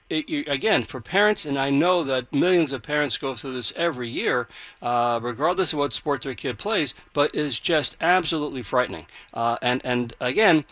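Bright-toned male radio interviewer. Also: fairly high pitch, no room sound. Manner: rambling questions full of restarts. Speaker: radio host.

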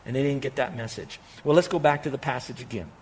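A man preaching a sermon as pastor, earnestly acting out prayers and dropping between loud and hushed delivery. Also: mid-range voice, quick pace, husky.

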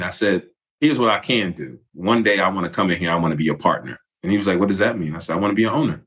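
A man's voice: on the low side, fast. A man, a former basketball player candidly telling a story in casual chat. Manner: relaxed, candid storyteller, acts out quoted voices.

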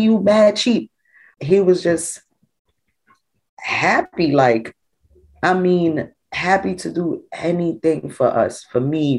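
A woman, a mother talking through family memories in an interview, casual and full of "like". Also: a bass voice. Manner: conversational, full of "like", lively when quoting others. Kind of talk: personal storytelling in an interview.

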